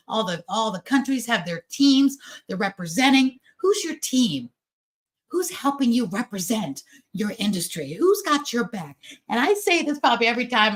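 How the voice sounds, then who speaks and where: A woman giving a chatty, animated motivational talk over a video call, acting out the voices of people she quotes. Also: on the high side. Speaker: guest speaker at a business event.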